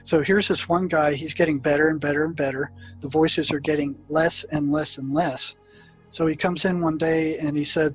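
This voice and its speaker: A man's voice: on the high side, steady tone, normal speed, rough recording. Older man recounting stories, faint music behind. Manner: anecdotal, many fillers and restarts. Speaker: psychiatrist telling his experiences. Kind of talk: storytelling in an interview.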